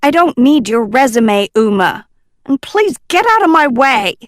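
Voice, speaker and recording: A woman voicing a flustered, scolding older woman professor who sounds shrill and exasperated. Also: very animated, slow pace, fairly bright tone, dry recording, clean studio sound, heavily acted. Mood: frantic.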